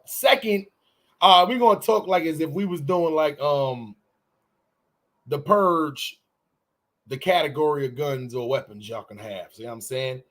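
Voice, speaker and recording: On a casual morning podcast, a male co-host with a high, bright voice trades banter, ranting loosely and profanely. He talks a little slowly and gets animated, swinging his pitch wildly up and down as he acts out quotes and mimics people.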